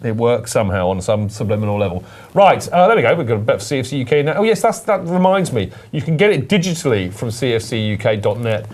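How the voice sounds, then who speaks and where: A man's voice: mid-range voice, big pitch swings, fast, a little mellow. A man hosting a fan podcast in casual, jokey, rambling chat. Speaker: podcast host.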